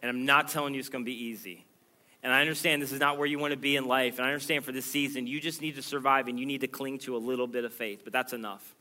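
A man preaching a sermon with a bright, forceful tone. His delivery is earnest and emphatic, often rising in pitch and volume as he drives home a point. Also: fairly even intonation, quick pace. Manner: earnest, emphatic preaching that swells louder and higher. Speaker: pastor.

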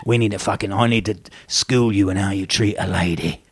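A man voicing a menacing, quiet East End London gangster, speaking low and half-whispered, slow and full of swearing. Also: fairly even intonation, breathy edge, no echo, studio quality. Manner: slow, swearing, ominous threats.

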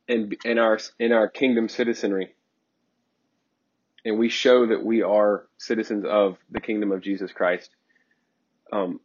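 A man preaches a sermon in a husky, somewhat low voice. He presses his points with fervent repetition and thinks aloud between them. The recording sounds dull and lo-fi. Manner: fervent and emphatic, with repeated phrases and frequent ums.

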